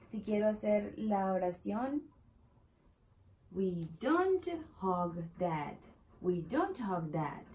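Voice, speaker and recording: Teaching a Spanish lesson, a woman with a Latin American accent, a native speaker, slowly repeats words for her learners with patience. Her voice is mid-range and dark in tone, and the recording is rough.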